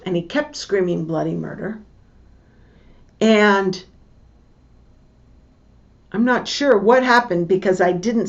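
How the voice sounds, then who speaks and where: A middle-aged woman teaching a lesson, telling a family story slowly and deliberately and acting out the voices of the people in it. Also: medium pitch. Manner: slow, deliberate, acts out the voices in her story. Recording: dull lo-fi recording.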